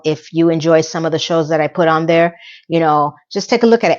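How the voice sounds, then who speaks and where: A woman's voice: sits low, highs cut off. A woman vlogger talking candidly and emotionally to her viewers, sometimes close to tears. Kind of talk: personal vlog talk.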